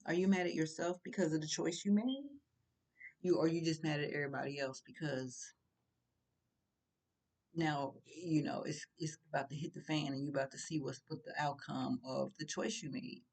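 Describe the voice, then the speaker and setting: A woman's voice: deep voice, steady tone, normal speed, a little mellow. An older woman giving casual, preachy commentary, blunt and full of rhetorical questions. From St. Louis.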